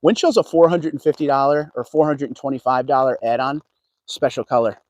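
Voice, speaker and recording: A man's voice: mid-range voice, a little fast, muffled recording. Chatty man greeting viewers by name. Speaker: car vlogger. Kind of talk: casual livestream walkaround. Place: outdoors at a car dealership lot.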